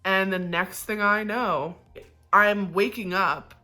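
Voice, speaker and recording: A woman's voice: mid-range voice, fairly even intonation, takes it slowly, pushed and bright. A woman vlogger telling a personal story in a casual, candid, chatty way, with the odd swear word.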